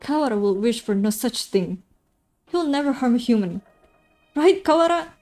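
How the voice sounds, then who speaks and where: A woman's voice: fairly high pitch, animated, fairly quick, mellow, faint music behind, natural voice. A woman voicing a proud, haughty young nobleman in a visual novel, speaking indignantly.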